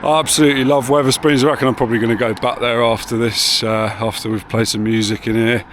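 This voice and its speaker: A man chats through a walking vlog in a loose, rambling way, dropping the odd swear word. His voice sits at an ordinary middle pitch. Steady street and traffic noise runs behind him. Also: fast. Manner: chatty, rambling, laid-back with swearing. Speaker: vlogger. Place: outdoors on town streets and in a car.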